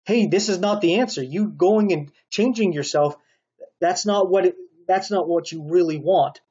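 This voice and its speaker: Preacher, male, rambling stern sermon, husky fairly high voice, dull lo-fi recording. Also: normal speed, warm tone. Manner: rambling, stern and insistent, with rhetorical "right?" asides. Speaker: online preacher. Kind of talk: spoken sermon monologue.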